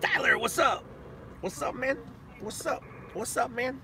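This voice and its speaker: A man from Southern California, streaming live and chatting with viewers, talking slowly and carefully. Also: very high voice, vocal fry, noisy background. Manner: slow, deliberate talk, reads and answers viewer chat. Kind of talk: casual live stream chat.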